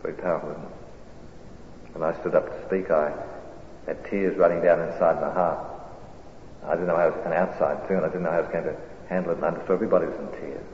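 A man preaching a sermon, telling a story with animated, swelling delivery. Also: deep voice, fast talker, pauses often. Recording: echoey hall, dull lo-fi sound, faint hiss.

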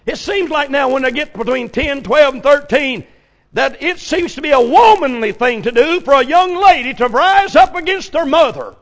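An older man preaching a folksy revival sermon, telling stories and rising to sudden shouts. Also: very high-pitched, expressive, moderate pace. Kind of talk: old-fashioned revival sermon.

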